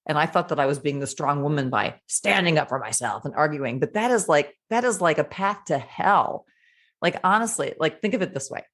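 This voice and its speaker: A woman with a notably low-pitched voice speaks as a podcast guest. She tells her story frankly and with animation, often acting out what she once said and thought. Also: lively intonation, fairly quick, a bit bright. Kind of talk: candid conversational storytelling.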